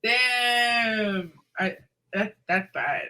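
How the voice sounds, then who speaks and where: A woman co-hosting a wrestling podcast, chiming in with excitable reactions and jokey asides. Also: on the high side, drawn-out words, low-quality recording. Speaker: podcast co-host. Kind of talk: casual wrestling chat.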